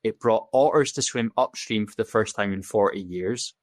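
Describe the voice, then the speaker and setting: A man's voice: fairly low pitch, moderate pace, dry recording. Blunt, swearing man telling stories. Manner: blunt and profane, acts out quoted dialogue. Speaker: podcast guest, safety officer. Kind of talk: candid casual storytelling.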